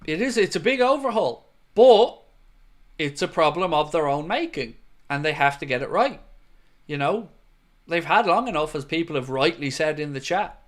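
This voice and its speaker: A man's voice: fairly high pitch, lively intonation, normal speed, fairly bright tone. A man hosting a live football fan stream, giving blunt opinions and reading viewer comments aloud, with a lot of "um" and "look" along the way. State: has the hiccups. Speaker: football fan channel host.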